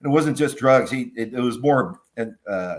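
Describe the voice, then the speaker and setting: Man, mid-pitched voice, relaxed guest, casual reflective chat. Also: measured pace.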